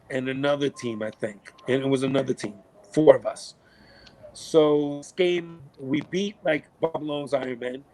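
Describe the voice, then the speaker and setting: A middle-aged man, a podcast guest, telling stories in a casual, animated way, cursing freely and acting out what people said. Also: medium pitch, low-quality recording. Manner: animated, swears a lot, acts out quotes. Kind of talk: casual storytelling.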